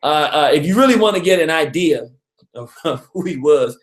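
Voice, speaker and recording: A man hosting a casual radio talk on history, an animated storyteller who chuckles often and acts out quotes. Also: a little high, moderate pace, echoey room. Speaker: radio show host.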